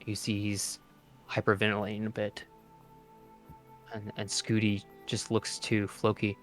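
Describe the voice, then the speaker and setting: Low-voiced man narrating a tabletop game. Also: faint music behind. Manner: relaxed, halting, with frequent "uh". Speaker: game master.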